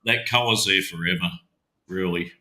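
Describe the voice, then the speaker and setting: A man's voice: low voice, normal speed, crowd noise, low-quality recording. A man in casual chat, explaining things in a plain, matter-of-fact way.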